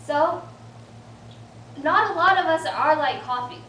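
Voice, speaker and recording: High-voiced young woman speaking in a roomy hall. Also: expressive, unhurried, fairly bright tone. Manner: earnest storytelling with a light laugh at herself. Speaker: invited student speaker. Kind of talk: motivational speech to a support group. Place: meeting room of a support group. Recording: roomy, distant mic with faint room noise.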